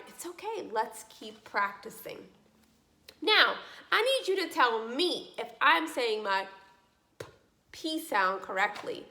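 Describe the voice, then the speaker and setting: Young woman doing a kids speech lesson, super animated voice, slow careful words. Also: sits high. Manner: slow, clearly articulated, encouraging teacher talk with lively questions. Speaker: speech therapy teacher.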